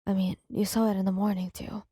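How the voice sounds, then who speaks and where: A man's voice: high-pitched, level tone, quick pace, dark tone, husky, no room sound, clean studio sound, pitched below the performer's own voice. A woman voicing an angry young male hero student under pressure, clipped and growling, later remorseful, in an audio story. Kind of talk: audio story role-play.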